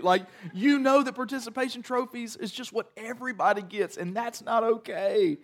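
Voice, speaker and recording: A middle-aged man preaching a sermon, telling a family story before the scripture reading, in a chatty, self-deprecating, animated way. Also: high-pitched, normal speed, hardly any pauses. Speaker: pastor.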